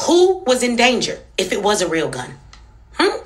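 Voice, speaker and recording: Fiery, bright-voiced woman ranting. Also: medium pitch, very animated, a little slow. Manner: angry, profane and emphatic, with rhetorical questions. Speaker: social media commentator. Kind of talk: heated commentary rant.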